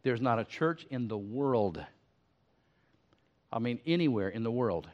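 An older male pastor preaching a sermon, folksy and animated, stumbling over his words and restarting as he goes. His voice sits at a middling pitch. The recording is slightly muffled. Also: a little slow. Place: church.

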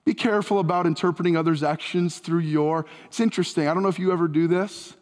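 A fairly high-pitched man preaches from the pulpit, and his words trail into a long hall reverb. He retells an old story with animated, acted-out dialogue. The sound is that of a church sanctuary. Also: quick pace. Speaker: pastor. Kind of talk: sermon.

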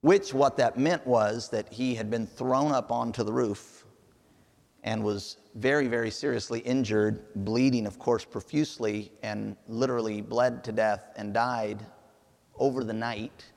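Gravelly preacher in a big hall. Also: male voice, on the low side, steady tone, a little slow, a little mellow. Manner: earnest storytelling delivery. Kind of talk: sermon.

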